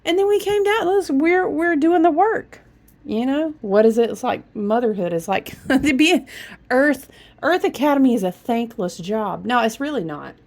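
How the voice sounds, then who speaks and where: A woman's voice: sits high, normal speed. A woman giving a casual spiritual reading in a chatty, rambling manner, often cutting herself off mid-thought. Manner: chatty, animated, breaks into humming and hushing; rambling, self-interrupting, says y'all. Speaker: spiritual reader.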